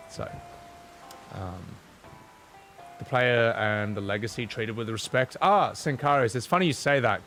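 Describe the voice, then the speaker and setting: A man's voice: mid-range voice, creaky, a bit bright. A man chatting casually on a live game stream, opinionated and rambling, swearing freely.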